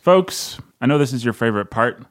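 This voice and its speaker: A man's voice: mid-range voice, expressive, a little fast. A man hosting a podcast in casual chat, joking around, rambling and correcting himself as he goes. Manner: jokey, rambling, self-correcting. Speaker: podcast host.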